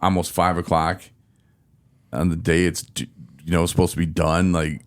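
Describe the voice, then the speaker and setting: A man from telling a frustrated story in casual podcast chat, acting out his own quotes with animated exasperation. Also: deep voice, normal speed. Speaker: podcast host.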